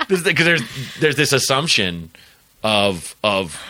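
Middle-aged male comedian, podcast guest, bright and dry, animated storyteller. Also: fairly low pitch, moderate pace, no echo. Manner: animated storyteller acting out quoted people. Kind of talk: casual podcast chat.

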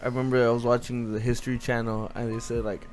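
A man chatting casually and telling stories in a relaxed, profane way, laughing often. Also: mid-range voice, quick pace, a little hiss or hum. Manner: laid-back storytelling, swearing, laughing. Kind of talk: casual chat.

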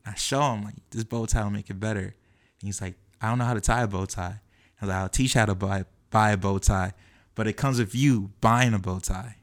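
A young man animatedly telling a personal story, acting out the quoted lines of the people in it. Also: on the low side. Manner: acts out quoted dialogue, quick and lively. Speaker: guest telling his story.

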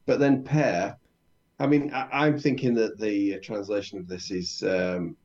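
Low-voiced man with dull lo-fi sound. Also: fairly even intonation, unhurried, darkish tone. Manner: reads lines aloud and works through translations, light joking. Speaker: Italian learner, co-host. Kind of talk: casual language lesson.

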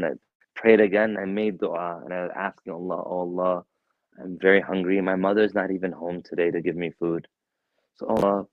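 A man teaching a religious lecture in a mosque, telling a story with animated quoted voices. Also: low-pitched, dry recording. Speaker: shaykh teaching a lecture series. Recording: dull, dry lo-fi sound.

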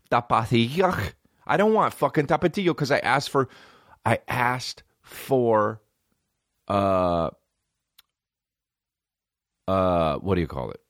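A man's voice: lowish voice, fairly bright tone, no echo, clean studio sound. Rambling, profane male podcast host. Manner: profane, rambling, mimics other people's voices. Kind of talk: casual solo comedy podcast rant. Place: small indoor room with a creaky chair.

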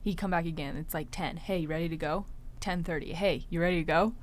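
A young woman tells a funny dating story in a relaxed, chatty way. She laughs often and acts out what each person said. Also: fairly low pitch, quick pace, a little hiss or hum. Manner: animated, laughing often, acts out quoted lines. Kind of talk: casual storytelling.

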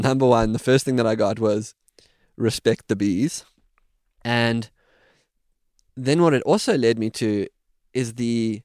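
Man guest spinning a lively tale, smooth resonant voice, dry close mic. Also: medium pitch, no room sound. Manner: vivid, dramatic retelling with voiced sounds. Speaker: podcast guest, safari guide. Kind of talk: animated storytelling.

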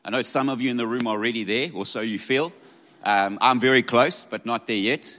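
A middle-aged man preaching a sermon in a relaxed, conversational way, with humorous asides. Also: medium pitch, a little fast. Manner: conversational and humorous, acting out scripture dialogue. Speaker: pastor. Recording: long hall reverb.

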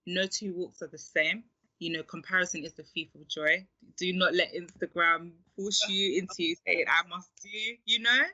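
A woman's voice: lowish voice, steady tone, moderate pace, pushed and bright, muffled recording. A woman with a London accent, a guest on a faith podcast, talking in an encouraging, preachy way and laughing often. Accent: London English. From England. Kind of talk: faith-based podcast chat.

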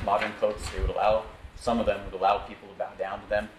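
A man's voice: fairly low pitch, flat delivery, fast, few pauses. A man leading a Bible study with slides, teaching conversationally and asking the group for amens. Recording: echoey room, faint background noise.

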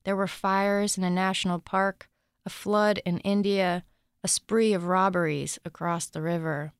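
A woman reading her own short story aloud in a calm, measured, deadpan way. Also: medium pitch, clean tone, no room sound, clean studio sound. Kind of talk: literary reading.

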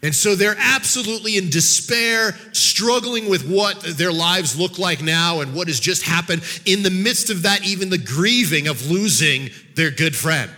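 A man giving a sermon as a guest speaker, telling a Bible story in an animated way, acting out the characters' voices and often repeating words as he goes. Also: sits high, normal speed, few pauses, big-room sound, faint music behind.

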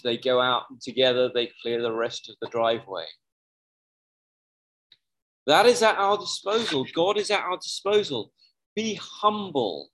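A man's voice: medium pitch, a bit bright, low-quality recording. A man preaching a sermon in a conversational way, often stopping to correct himself. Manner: conversational, with frequent self-corrections.

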